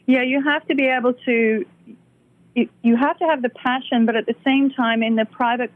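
A woman's voice: a little high, steady tone, moderate pace, dry recording. Female guest on a phone line, businesslike and promotional, dry and tinny sound. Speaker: magazine and business producer, guest. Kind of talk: casual interview chat.

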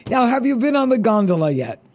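High, lively man hosting a radio chat. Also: a little fast, slight background noise. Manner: reactive, lots of short laughs and interjections. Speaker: radio host.

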